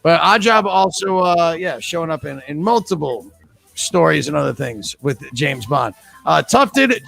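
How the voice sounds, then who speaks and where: A man's voice: high voice, animated, moderate pace, vocal fry, bright, forceful tone, faint music behind. A man hosting a live trivia podcast, reading out questions and joking with his co-hosts. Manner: joking, chatty, reads questions aloud. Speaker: trivia host.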